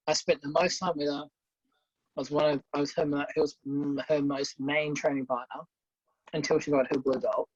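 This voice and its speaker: A woman's voice: low voice, slightly rough, no echo. A woman, co-hosting a casual chat, blunt and swearing freely as she acts out stories. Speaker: podcast co-host. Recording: dull lo-fi sound.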